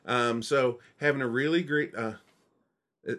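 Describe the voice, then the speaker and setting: Man, podcast guest, loose rambling talker who restarts his sentences, mid-pitched voice. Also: unhurried, fairly bright tone. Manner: rambling, repeats words while explaining. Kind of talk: casual chat.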